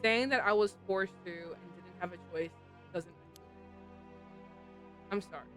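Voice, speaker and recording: A woman voicing a guilt-ridden ghost schoolgirl, speaking softly, low and apologetic. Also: a little slow, faint music behind. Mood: remorseful.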